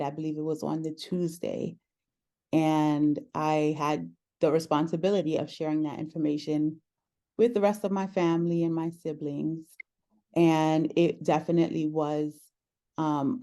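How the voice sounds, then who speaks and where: Low, mellow-voiced woman telling a personal story. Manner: earnest, reflective, pauses often with "um". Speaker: podcast host sharing her story as guest.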